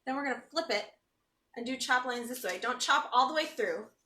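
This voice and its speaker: A woman's voice: high voice, expressive, brisk, pushed and bright, recorded from a distance. A woman hosting a casual live cooking stream from her home kitchen, joking and chatting as she works with teary eyes. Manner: chatty and joking, reads viewer comments aloud. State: teary from chopping onions. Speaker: cooking show host. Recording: echoey kitchen, off-mic.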